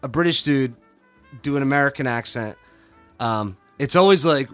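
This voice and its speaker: A man's voice: medium pitch, moderate pace, fairly bright tone, smooth, faint music behind. A young man hosting a casual chat show, rambling with lots of fillers and slang. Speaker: host.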